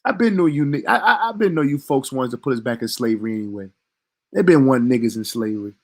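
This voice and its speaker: A man's voice: medium pitch, lively intonation, fast. A man delivering a heated commentary rant as a vlogger, talking in a profane, emphatic and indignant way.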